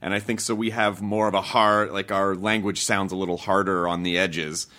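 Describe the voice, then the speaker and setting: A man's voice: low voice, little pitch movement, moderate pace, pushed and bright. An American man hosting a podcast, chatting casually and rambling with many restarts. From United States. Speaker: podcast host. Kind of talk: casual interview chat.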